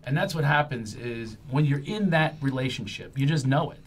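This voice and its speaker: Middle-aged man, Philadelphia accent, joking podcast host, animated pitch, faint noise. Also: moderate pace. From Philadelphia area. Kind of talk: casual comedic chat.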